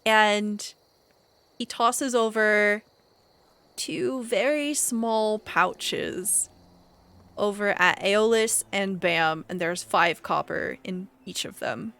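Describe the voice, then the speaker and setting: A woman's voice: medium pitch, drawn-out words, a bit bright, smooth. Woman game master narrating.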